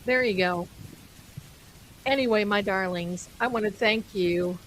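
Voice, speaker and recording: A woman's voice: medium pitch, unhurried, a bit bright, a little hiss or hum, poor audio. A woman hosting a live stream, chatting casually and rambling, amused by her own jokes and calling viewers her darlings. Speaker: livestream host.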